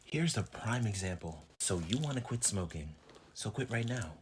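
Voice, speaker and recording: Deep-voiced man musing philosophically. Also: very animated, normal speed, noisy background. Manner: reflective, posing questions to the viewer. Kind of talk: philosophical talk to camera.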